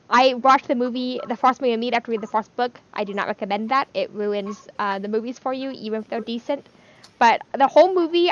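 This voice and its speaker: A woman's voice: a little high, fairly bright tone, highs cut off. A young woman leading a casual group video call, chattily asking the panel questions.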